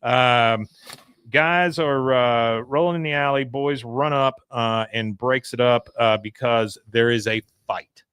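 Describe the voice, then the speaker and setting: A man's voice: mid-range voice, slow pace, a bit bright, clear, resonant tone, dry recording. A man co-hosting a podcast, recapping an episode in chatty talk with many "uh"s. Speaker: podcast co-host. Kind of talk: casual episode recap chat.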